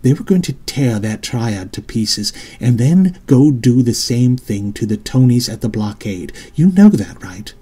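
A man's voice: medium pitch, measured pace, few pauses, warm tone, husky. A man voicing a worried, insistent middle-aged mother in an audiobook, with pleading, scolding emphasis. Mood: urgent scolding. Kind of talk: audiobook character reading.

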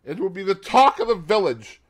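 A man voicing a proud, angry middle-aged English husband who bursts out loudly. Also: high-pitched, very animated, normal speed, voice pushed up. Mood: indignant. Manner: loud, indignant outbursts.

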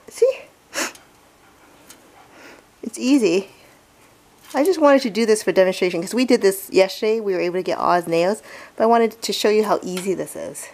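A woman's voice: mid-range voice, darkish tone, slight background noise. A woman doing a casual how-to vlog as a pet owner, chatty, coaxing and enthusiastic.

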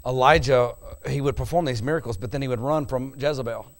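A pastor delivering a sermon, moving from quiet storytelling to loud, emphatic preaching. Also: male voice, mid-range voice, quick pace.

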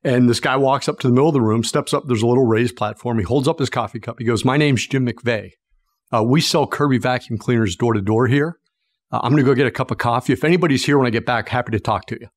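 Animated storytelling man from Pennsylvania. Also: medium pitch, quick pace, dry recording, clean studio sound. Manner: animated storyteller acting out the people in his story. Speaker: guest, sales expert. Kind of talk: storytelling interview.

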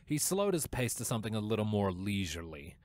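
A man narrating a fan-written story aloud, reading with steady, expressive storytelling. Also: on the low side, fast talker. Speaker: fanfiction reader. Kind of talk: audiobook-style story narration. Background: faint music.

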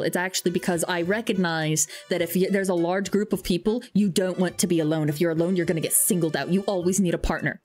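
A young woman streaming a game, chatting casually and rambling through stories with lots of fillers. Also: fairly low pitch. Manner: rambling, self-deprecating storytelling with frequent fillers. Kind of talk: casual gaming stream chat.

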